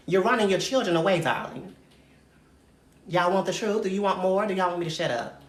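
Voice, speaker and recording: This livestream host's voice is mid-range and animated, a little fast yet marked by long pauses. She rants at viewers in a brash, profane, sassy manner, calling everyone darling, amid roomy echo and faint noise.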